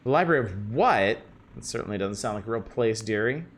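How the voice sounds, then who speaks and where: A man's voice: on the low side, expressive, fairly quick, close to an everyday voice. A man voicing a fussy, evasive middle-aged woman librarian in a video game, reading her lines aloud in a genteel manner and calling everyone dearie.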